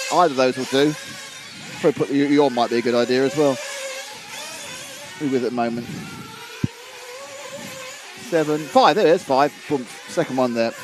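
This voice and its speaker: Chatty male race commentator, noisy track. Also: mid-range voice. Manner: chatty and wry, reading viewer comments aloud; stumbles over names and restarts. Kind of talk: live race commentary on a stream.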